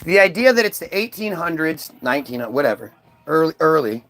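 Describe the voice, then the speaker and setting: A man's voice: on the high side, big pitch swings, fairly quick, creaky, fairly bright tone. A man giving casual, ranting reaction commentary in a sarcastic tone.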